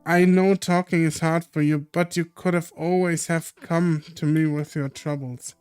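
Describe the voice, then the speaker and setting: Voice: mid-range voice, steady tone, measured pace, a little mellow, smooth, no room sound, soft background music. A streamer reading a visual novel aloud in an earnest, emotional way.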